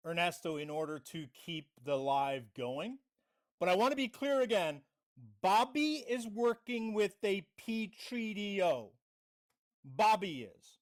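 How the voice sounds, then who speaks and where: Animated, mocking livestream host. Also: mid-range voice. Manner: confrontational, mocking; reads out chat messages. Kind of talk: livestream drama commentary.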